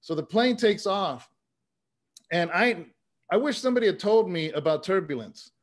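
A man's voice: high-pitched, lively intonation, moderate pace. A man, a pastor and former rapper, telling his life story in an earnest, conversational way with a lot of "man" and "you know". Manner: earnest, story-driven, says "man" often.

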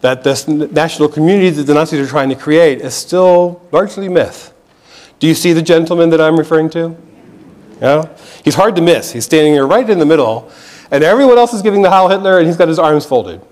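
A man's voice: a little high, a little fast, darkish tone. An American man giving a public history lecture in an earnest, explanatory way, often restarting phrases and checking in with the audience. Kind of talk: museum lecture. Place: lecture hall.

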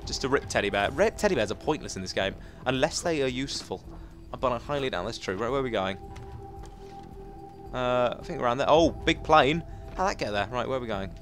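A man giving chatty, excitable let's play commentary, talking to himself as he plays. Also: medium pitch, brisk, soft background music. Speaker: gaming commentator.

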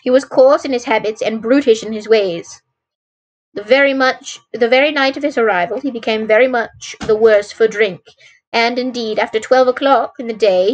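A woman's voice: fairly high pitch, close to an everyday voice, poor audio. A woman reading the part of an agitated middle-aged landlady who pleads anxiously and formally for her son.

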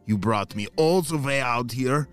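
A man playing a slow, grumbling villain boss. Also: medium pitch, soft background music, natural voice. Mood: demanding. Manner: slow, demanding, gleeful laugh. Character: grumbling male villain doctor, bossy boss.

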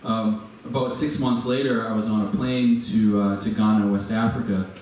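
A man's voice: on the low side, level tone, normal speed, darkish tone. Man telling a story in an echoey hall. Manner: hesitant, many fillers and restarts. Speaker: guest speaker. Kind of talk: storytelling talk. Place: venue with a live audience. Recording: echoey hall from far off, faint noise.

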